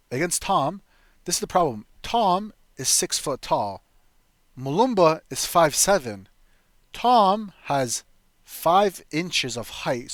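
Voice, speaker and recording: Young male host, blunt and profane, rambling fight analysis, mid pitch, dry close mic. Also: fairly bright tone, no echo. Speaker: MMA fight predictions host. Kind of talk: casual profane fight breakdown.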